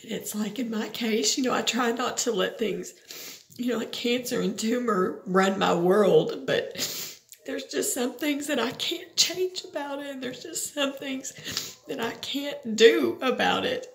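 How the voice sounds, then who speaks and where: A woman's voice: a little high, measured pace, gravelly, reverberant. A woman, venting in a rambling, frustrated personal vlog and swearing now and then. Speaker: vlogger.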